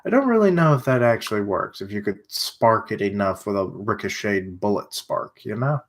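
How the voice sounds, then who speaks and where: A man's voice: fairly low pitch, lively intonation, normal speed. A man streaming his reading of a comic, giving chatty commentary and muttering asides as he goes. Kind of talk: casual reading reaction.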